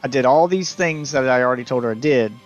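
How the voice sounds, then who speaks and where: A man's voice: mid-range voice, fast, lo-fi sound, soft background music. A man streaming live, telling a long story in a casual, exasperated rant that stumbles and restarts as he gets worked up. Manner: exasperated, animated ranting with restarts.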